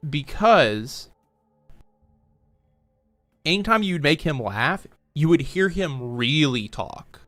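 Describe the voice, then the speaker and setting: A man's voice: a little high, fairly bright tone. A man chatting casually while gaming on a stream, talkative and laughing often.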